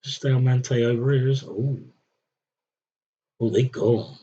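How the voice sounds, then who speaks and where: A man's voice: mid-range voice, slow pace, dark tone, breathy edge, muffled recording. A young man streaming a strategy game, thinking aloud with wry, muttered commentary. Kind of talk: casual live gameplay commentary.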